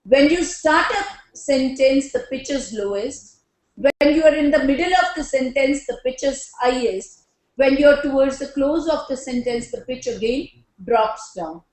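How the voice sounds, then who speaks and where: A woman with an Indian English accent giving a lecture on classroom communication, speaking slowly and deliberately and slipping Hindi phrases into her English. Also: high-pitched, a little mellow, echoey room, low-quality recording. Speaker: teacher trainer.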